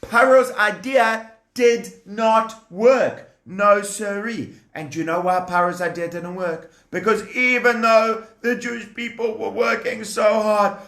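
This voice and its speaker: A man telling a story to children, animated and full of questions for the young listeners. He speaks slowly in a fairly high voice. The recording rings with a roomy echo. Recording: echoey room.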